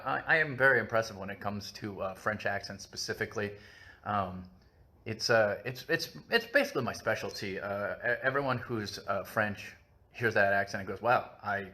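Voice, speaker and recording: A man's voice: lowish voice, bright, forceful tone. A man hosting a casual live-stream book chat, talking on at length in a rambling, self-mocking way with lots of filler.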